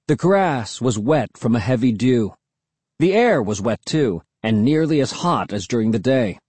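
Male audiobook narrator, husky, suspenseful, dry close read. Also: mid-range voice, no echo. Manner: expressive, suspenseful storytelling. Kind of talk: scripted narration.

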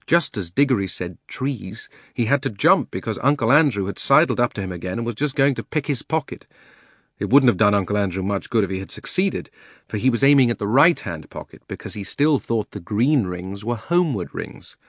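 A man narrating a children's fantasy audiobook in a measured, expressive storytelling manner. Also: fairly low pitch, husky, no echo, clean studio sound. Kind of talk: audiobook reading.

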